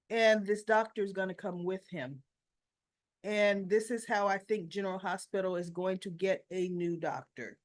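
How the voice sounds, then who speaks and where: A woman recapping soap opera scenes in a casual, chatty way, retelling the dialogue line by line. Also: mid-range voice.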